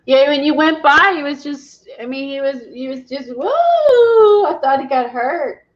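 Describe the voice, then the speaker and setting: A woman's voice: sits high, little pitch movement, moderate pace, fairly bright tone, muffled recording. A woman hosting a craft livestream, chatting casually, laughing often and reading the live chat.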